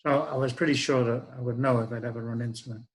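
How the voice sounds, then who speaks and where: A man's voice: mid-range voice, steady tone, quick pace, rough recording. A man, telling a wry, reflective personal story in a conversational way. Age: 60s. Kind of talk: spoken-word storytelling.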